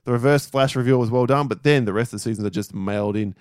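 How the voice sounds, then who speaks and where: A man co-hosting a podcast, reading out listener lists in casual, animated chat with frequent swearing and laughter. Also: medium pitch, fast talker, clean tone, dry recording, clean studio sound. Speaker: podcast co-host.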